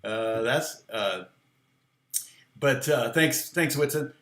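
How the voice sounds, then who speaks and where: A man's voice: medium pitch, slow, fairly bright tone. Chatty American man teaching guitar. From United States. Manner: rambling, chatty, answers viewer comments. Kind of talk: casual livestream guitar lesson. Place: home studio. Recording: echoey room with guitar playing.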